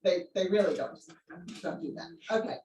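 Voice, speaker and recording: A woman's voice: on the low side, normal speed, warm tone, slight background noise. A woman giving an academic seminar lecture, explaining as she goes with frequent ums and answering questions from the room. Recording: echoey room, voice a bit distant.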